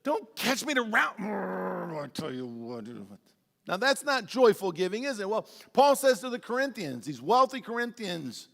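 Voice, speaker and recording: A man preaching a sermon as pastor, telling animated, humorous stories with big swings in his voice. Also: high voice, measured pace, gravelly. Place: church sanctuary. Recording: long church-hall reverb.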